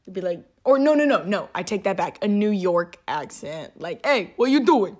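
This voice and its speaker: A woman's voice: lowish voice, lively intonation, normal speed. A woman hosting a casual solo podcast from home, rambling along with lots of fillers and amused by her own jokes. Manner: rambling, filler-heavy, chatty, amused by herself. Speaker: podcast host. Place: at home, alone.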